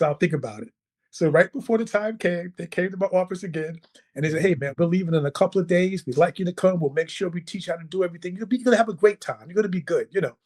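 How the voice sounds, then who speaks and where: Animated male storyteller, slightly high voice. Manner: animated, acts out quotes, checks in with "right?" and "okay?". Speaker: podcast guest. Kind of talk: casual storytelling.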